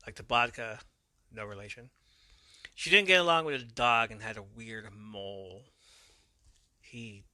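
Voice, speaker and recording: In a dry recording, a man with a pushed, bright, mid-range voice hosts a podcast. He casually runs through an episode recap, correcting his slip-ups and cursing every so often.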